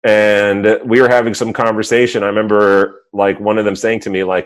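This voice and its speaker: A man's voice: on the low side, flat delivery, normal speed, few pauses, clean tone. Candid man in casual chat. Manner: loose, candid, many "like" fillers.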